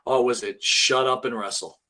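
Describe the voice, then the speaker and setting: A man's voice: medium pitch, steady tone, normal speed, bright, forceful tone. A man co-hosting and producing a casual wrestling talk show, teasing his partner and reading viewer comments. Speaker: co-host and producer.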